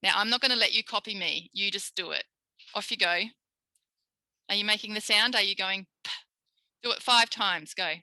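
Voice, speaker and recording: A woman with an Australian accent leads a live online speech therapy tutorial. Her voice is very bright and sits close on a dry, unreverberant mic. She models single sounds and cheers her listeners on like small children. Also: mid-range voice, moderate pace, pauses often, no echo, rough recording. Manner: demonstrates speech sounds, coaxing and praising like with young children. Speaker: speech pathologist teaching a tutorial.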